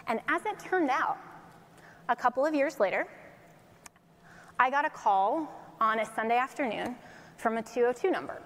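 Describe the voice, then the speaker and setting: A woman from Colorado giving a faith-based motivational talk, telling her story in a lively way and laughing often, in an echoey hall. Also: fairly high pitch, normal speed, long pauses. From Colorado, USA. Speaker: speaker.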